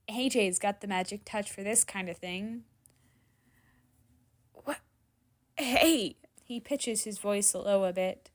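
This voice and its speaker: A woman reading fan fiction aloud in dramatic story narration, expressive and sometimes dropping to a hushed whisper. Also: mid-range voice. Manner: expressive, drops to hushed whispers in tense moments. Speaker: fanfiction reader.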